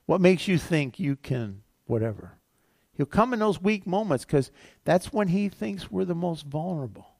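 A man's voice: medium pitch, vocal fry, a little mellow, no room sound, studio quality. A man, a pastor, preaching a sermon and acting out the voices of temptation as he goes. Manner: preaching with acted quotes of temptation, rising and falling.

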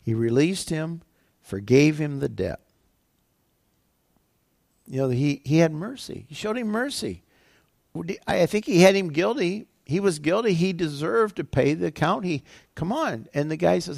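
A man's voice: fairly high pitch, animated, normal speed, vocal fry, no echo, studio quality. A male pastor preaching a sermon, retelling scripture in a conversational, everyday way.

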